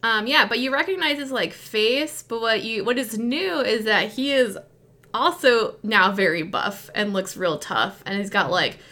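A woman's voice: fairly high pitch, unhurried, bright, forceful tone. A woman narrating as game master, casual and full of filler words.

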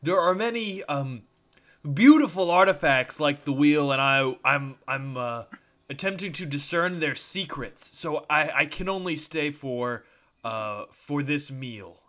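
Bright, stammering male tabletop player. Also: medium pitch, expressive, unhurried. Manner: stammering, playful, swearing. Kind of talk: in-character tabletop role-play.

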